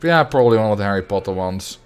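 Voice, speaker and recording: A man's voice: on the low side, lively intonation, fast talker, smooth. A young adult man streaming a game, chatting casually and rambling as he answers his viewers. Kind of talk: casual livestream chat while playing.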